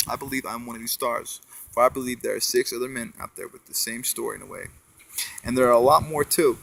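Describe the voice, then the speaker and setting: Recounting his spiritual experiences, a man winds through a long personal monologue full of swearing, fillers and tag questions. He speaks at a medium pitch, and the audio is poor.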